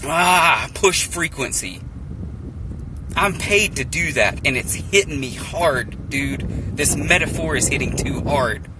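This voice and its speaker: A man's voice: mid-range voice, unhurried, few pauses. A man speaking to his live viewers from a phone in an emotional, rambling monologue, earnest and repetitive, often saying "dude". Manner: rambling, earnest, repeats himself, says dude. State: emotionally overwhelmed. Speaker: streamer talking to live viewers. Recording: clear background noise, vehicle sounds.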